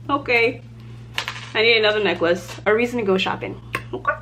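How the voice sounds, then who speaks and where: A young woman from Nigeria chatting casually through a get-ready-with-me storytime, animated and talkative while she does her makeup at home. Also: mid-range voice, fast talker, heavy background noise. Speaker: beauty vlogger.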